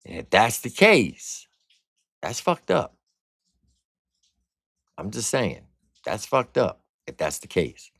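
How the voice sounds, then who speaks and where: Deep, slow, slangy male reviewer. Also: sing-song, fairly bright tone, slightly rough, no room sound, clean studio sound. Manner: slangy, blunt and profane. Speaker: music reviewer and streamer host. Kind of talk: casual livestream album review.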